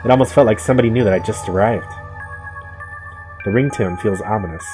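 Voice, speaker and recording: Reading a horror game's story out loud as he plays, a young man drops casual, joking asides between his dramatic read-outs. He talks briskly in a fairly low voice, with music playing behind him.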